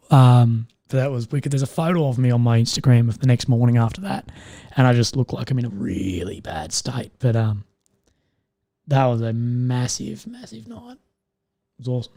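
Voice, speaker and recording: A man's voice: medium pitch, animated, normal speed, warm tone, dry recording, studio quality. A young Australian man hosting a live stream, telling rambling stories in a laid-back way, swearing a lot and filling gaps with likes and ums. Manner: laid-back, heavy swearing, lots of fillers. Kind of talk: casual storytelling.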